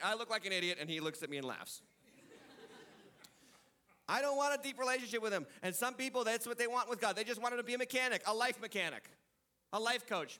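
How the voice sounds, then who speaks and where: A man's voice: high-pitched, bright, forceful tone. A man preaching a sermon in a conversational way, acting out voices from the text and building to emphatic climaxes. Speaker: pastor.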